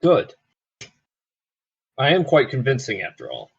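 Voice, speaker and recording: A man's voice: medium pitch, wildly swooping pitch, measured pace, vocal fry, breathy edge, exaggerated voice. A man voicing a boastful male adventurer in a tabletop game, talking in a smug, self-assured way. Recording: dull lo-fi mic.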